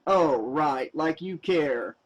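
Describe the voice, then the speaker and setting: A man's voice: fairly high pitch, expressive, takes it slowly, dull audio. A man doing a cocky, teasing teen boy. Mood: smug. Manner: teasing, boastful. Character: cocky teen boy, smug party guy. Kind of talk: audiobook character voice.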